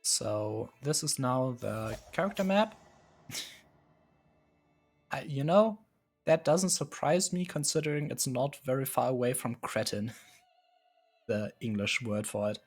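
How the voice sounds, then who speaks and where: A man's voice: medium pitch, animated, slow pace, pauses often, faint music behind. A man streaming live, casually musing and hesitating as he sets up a strategy game, chuckling often. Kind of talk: casual live gameplay commentary.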